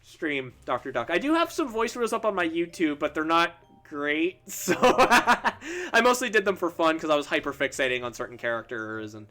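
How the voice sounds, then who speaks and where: A man's voice: fairly high pitch, big pitch swings, normal speed, bright, forceful tone. A young man, a streaming artist, chatting casually and rambling while he draws. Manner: chatty, rambling, self-interrupting.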